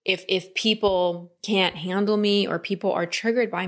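A woman coaching a client in a calm talk, often slipping into quoted inner voices. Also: mid-range voice, normal speed, hardly any pauses. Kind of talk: coaching session.

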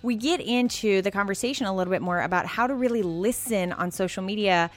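A woman's voice: mid-range voice, brisk, soft background music. A woman hosting a podcast interview, bubbly and upbeat, laughing often and tripping over her words now and then. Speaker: podcast host.

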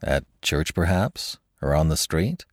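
A man's voice: rumbling low, expressive, a little slow, no room sound, studio quality, exaggerated voice. A man voicing a sly, teasing young officer in a spoken story, light and insinuating.

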